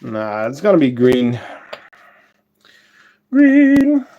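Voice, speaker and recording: Slow-talking man on a casual livestream. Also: on the high side, animated, darkish tone, dull audio, slight background noise. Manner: chatty and unhurried, with fillers and self-corrections. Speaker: ant-keeping channel host and shop owner. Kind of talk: casual livestream chat, answering viewer comments.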